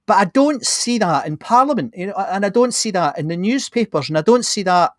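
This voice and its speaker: Blunt, animated man. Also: high voice, a little fast, dry recording, studio quality. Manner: animated, blunt, many restarts. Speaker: podcast host. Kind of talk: casual conversation.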